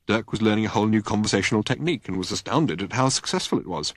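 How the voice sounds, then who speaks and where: A man narrating an audiobook in a wry, measured reading voice, recorded in a studio. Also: fairly low pitch, lively intonation, no echo.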